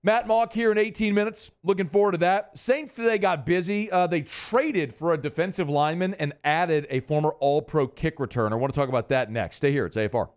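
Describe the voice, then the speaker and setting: Folksy sports radio host. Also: male voice, a little high, fairly quick, few pauses, clean tone. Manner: folksy, chatty, talks straight to listeners. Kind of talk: sports talk radio monologue.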